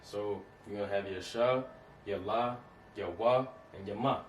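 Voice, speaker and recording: A man explaining a lesson in a casual way, stopping often to ask whether his listeners follow. His voice sits at an ordinary pitch and sounds a bit away from the mic. The room is echoey, with a faint hiss of noise behind him. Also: measured pace, recorded from a distance. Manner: repeats points, checks in with "okay?" and "you understand that?". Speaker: teacher. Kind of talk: casual instructional talk.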